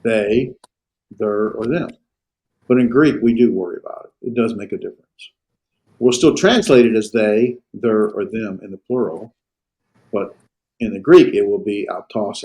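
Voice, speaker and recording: Halting man teaching a Greek class. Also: lowish voice, a little mellow, low-quality recording. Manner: halting, with frequent fillers and restarts; checks in with students often. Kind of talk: classroom lecture.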